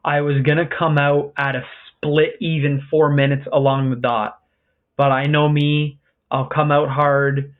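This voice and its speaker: Flat-voiced man on a tinny line. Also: fairly high pitch, a little slow. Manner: frank, self-deprecating. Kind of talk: casual podcast talk. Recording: tinny phone-like call audio.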